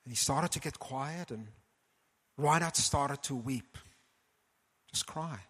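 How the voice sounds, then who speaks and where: A man telling a story in an animated sermon, often calling his audience folks and clearing his throat. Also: medium pitch, takes it slowly. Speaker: preacher. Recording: long hall reverb.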